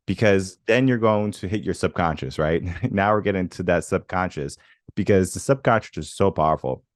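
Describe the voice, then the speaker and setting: Male podcast host in his thirties, very low voice, dry close sound, reflective storyteller. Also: no room sound. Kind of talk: conversational interview.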